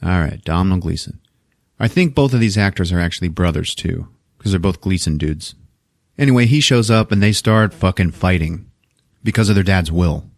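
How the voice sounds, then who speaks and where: A man with a lowish voice recaps a movie in loose, profane podcast chat. The recording is dry and close, with no room sound. He jumps between telling the story and acting out lines. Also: moderate pace, creaky, no room sound. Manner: profane, animated retelling with acted-out quotes. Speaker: podcast co-host.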